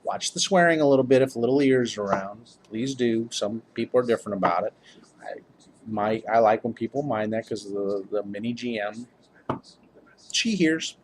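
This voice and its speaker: A man's voice: mid-range voice, normal speed, slight background noise. A tired man, a game master, giving casual tips to camera in a rambling, upbeat way. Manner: rambling, self-interrupting, upbeat.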